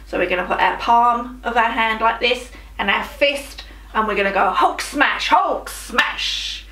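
A woman's voice: on the high side, moderate pace, sharp tone. A woman, a primary school teacher, leading a children's drama game with playful sound effects and encouragement. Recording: roomy, voice from a distance, music behind.

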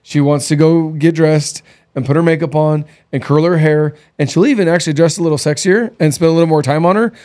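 A man's voice: fairly high pitch, fairly even intonation, a little fast, a little mellow. A man in his thirties hosting, telling blunt, candid stories in a casual chat. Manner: blunt, candid storytelling with quoted dialogue. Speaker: podcast host.

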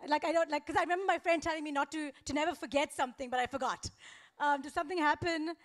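A young woman doing a stand-up comedy set, telling a story in a deadpan, faux-naive way with little laughs. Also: high-pitched, fast.

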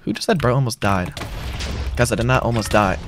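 A man's voice: mid-range voice, animated, fairly quick, background noise. A young man live-streaming a game, chatting casually and answering viewers' messages as he plays. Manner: casual, reads chat aloud and answers it. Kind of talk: live gaming stream chat.

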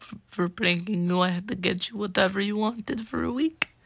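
A man's voice: sits high, normal speed, creaky, a bit bright, heavily acted. Luigi, a man doing a nervous prankster plumber. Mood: sheepish. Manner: nervous, stammering. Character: adult male prankster plumber, nervous and sheepish.

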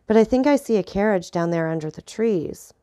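A woman's voice: medium pitch, lively intonation, fairly quick, mellow, lightly acted. A woman voicing a timid, fearful male servant who speaks politely to his master.

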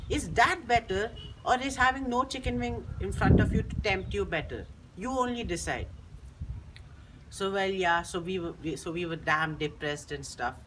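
In a very noisy recording, a teen student with a mid-range voice rambles through a chatty, casual story. The monologue keeps restarting as they go.

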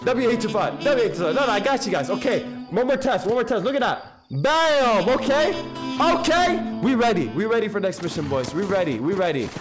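A man live-streaming a video game, reacting loudly and chatting with his viewers in slangy, excitable bursts. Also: high voice, quick pace, hardly any pauses, music in the background. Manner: excitable, loud outbursts, slangy, talks to chat. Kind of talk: casual live-stream commentary.

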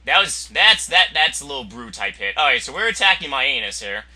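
A young man giving crude, excitable commentary over his own online gameplay, often yelling at opponents. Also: mid-range voice, a little fast. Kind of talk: profane live gameplay commentary.

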